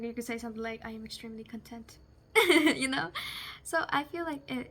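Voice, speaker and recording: A woman's voice: on the high side, fairly bright tone, a little hiss or hum. A young woman talking casually to camera as a vlogger, chatty and giggly, often searching for the right word. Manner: chatty, giggly, gropes for words.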